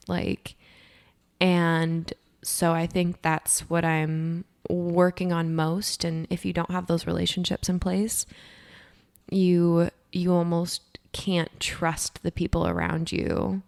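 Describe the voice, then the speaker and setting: A young woman speaks in a low, gravelly voice. She is co-hosting a podcast in casual chat. She talks candidly and with emphasis, swearing freely as she goes. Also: little pitch movement, slow pace, a little mellow. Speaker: podcast co-host.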